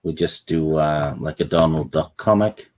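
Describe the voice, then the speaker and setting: Deep-voiced dry Norwegian man. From Norway. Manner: dry, halting, deadpan jokes. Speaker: co-host. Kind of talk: casual chat.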